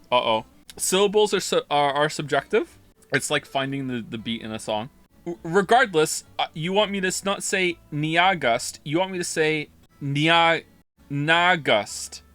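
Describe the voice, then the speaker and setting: A man's voice: a little high, normal speed, fairly bright tone, clean tone, dry recording. A man streaming a game live, chatting casually, rambling and interrupting himself while reading chat aloud.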